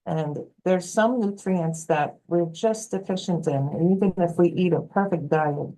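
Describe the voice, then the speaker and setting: Mellow-voiced woman health coach. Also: fairly low pitch, measured pace, poor audio. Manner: animated, acts out quoted voices. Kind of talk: storytelling interview answer.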